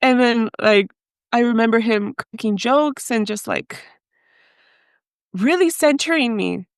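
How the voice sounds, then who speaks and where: A young adult woman from Mexico, a podcast guest telling her own story in a lively way with frequent laughter, dropping Spanish words into her English. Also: on the high side, measured pace, smooth, no room sound. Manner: animated, laughs often, mixes in Spanish. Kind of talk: storytelling in an interview.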